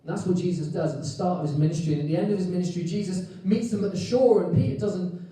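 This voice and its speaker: A Welsh man preaching in a church hall, his voice high-pitched and dark in tone. He tells the story in a lively, joking way, acting out the quotes. The sound is very roomy, picked up from a distance. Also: quick pace. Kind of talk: sermon. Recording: echoey hall, mic at a distance.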